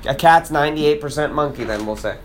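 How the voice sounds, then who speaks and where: A man's voice: fairly high pitch, fast, a little hiss or hum. A man in playful casual chat, teasing and repeating words for emphasis, breaking into snatches of song.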